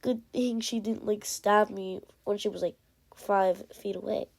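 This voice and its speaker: Brief: woman gamer, slow unhurried chatter, heavy breathing, excitable and rambling, recorded on a tablet. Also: medium pitch, vocal fry. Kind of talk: casual gameplay commentary. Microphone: iPad.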